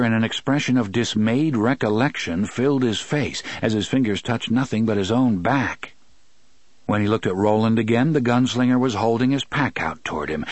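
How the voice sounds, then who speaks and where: A man reading an audiobook in a steady, measured narration. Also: fairly low pitch, no echo. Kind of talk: scripted narration.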